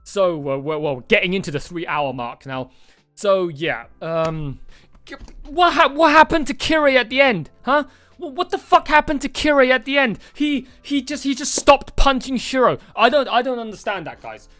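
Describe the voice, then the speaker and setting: A man hosting a movie reaction video, talking excitedly and rambling, with frequent swearing and restarts. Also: very high voice, normal speed, dry recording, soft background music. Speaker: reaction channel host. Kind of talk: casual movie reaction chat.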